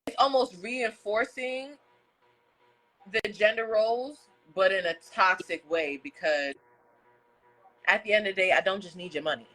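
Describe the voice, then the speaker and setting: A woman hosts a casual podcast chat in a bright, forceful voice. She talks earnestly and stacks repeated phrases to drive her points home. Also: mid-range voice, a little slow, long pauses, faint music behind, rough recording. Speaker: podcast host. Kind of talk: casual conversation. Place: indoor room with a fan.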